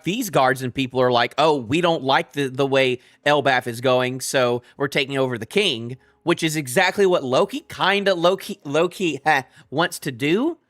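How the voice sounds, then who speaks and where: A man reacting live to a manga chapter, rambling and restarting his sentences as he gets excited. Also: medium pitch, no echo.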